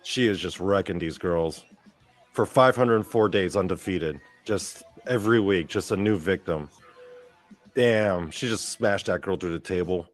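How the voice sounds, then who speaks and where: A male host giving rambling, profane, excitable commentary over wrestling footage. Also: low-pitched, unhurried, faint music behind.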